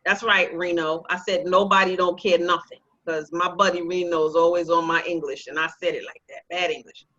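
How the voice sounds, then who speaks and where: A woman teaching a real estate investing class, talking in a lively, joking, sales-pitch way. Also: fairly quick, highs cut off. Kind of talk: live online class presentation.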